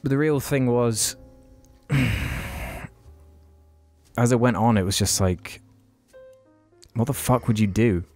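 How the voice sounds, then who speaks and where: A man's voice: mid-range voice, takes it slowly, pauses often, a little mellow, faint music behind. A man co-hosting a podcast, telling a story in casual chat, frank and sweary, with many restarts. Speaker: podcast co-host.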